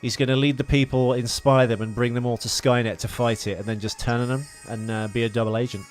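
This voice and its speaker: A man's voice: mid-range voice, level tone, fast talker, soft background music. A man co-hosting a podcast, chatting casually about films and talking in a rambling, hesitant way full of fillers and restarts. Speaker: podcast co-host. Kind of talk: casual film chat.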